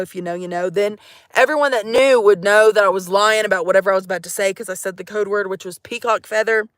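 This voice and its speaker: Out in the woods, a young woman rambles through a joking, foul-mouthed, casual chat with her livestream audience. Her medium-pitched voice is a bit bright, with studio quality and no room sound.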